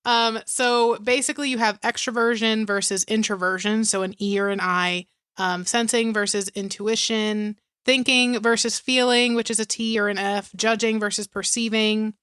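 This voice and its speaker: A young woman co-hosting a podcast in casual chat, laid-back and quick to laugh. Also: fairly high pitch, little pitch movement, fairly bright tone, smooth, dry recording, studio quality. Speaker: podcast co-host.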